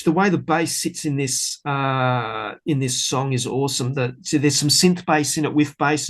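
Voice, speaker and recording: Enthusiastic man, rambling. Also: on the high side. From Australia. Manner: enthusiastic, rambling, many fillers. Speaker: bass player guest. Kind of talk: casual podcast interview.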